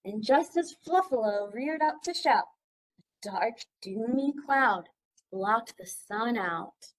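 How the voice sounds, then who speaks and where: Brief: young female librarian, storytime reader, high voice, slow and sing-song. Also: animated, low-quality recording. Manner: sing-song, asking children questions. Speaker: children's librarian. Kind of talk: reading a picture book aloud to children.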